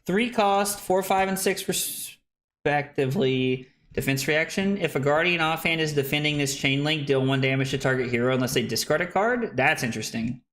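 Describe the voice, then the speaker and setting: Bright-voiced joking young streamer man. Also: on the high side, moderate pace, a little hiss or hum. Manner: playful, self-deprecating, chatting with viewers while playing. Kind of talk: live card game stream commentary.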